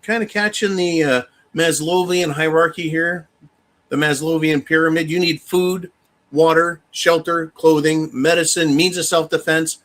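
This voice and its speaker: Brash, bright-voiced man. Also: a little high, measured pace. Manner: emphatic and animated, addresses viewers as folks, swears freely. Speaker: livestream host. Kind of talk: casual livestream commentary.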